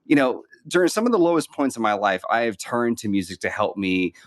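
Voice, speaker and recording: A man's voice: medium pitch, sing-song, fairly quick, no room sound, clean studio sound. A man hosting a conversational interview, asking earnest, rambling questions full of fillers and restarts. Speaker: podcast host.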